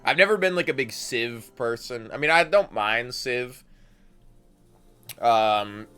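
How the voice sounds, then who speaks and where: A man's voice: mid-range voice, expressive, takes it slowly, sharp tone, smooth. A man streaming a game, chatting casually in a rambling way and swearing now and then. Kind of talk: casual gameplay commentary. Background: faint game music.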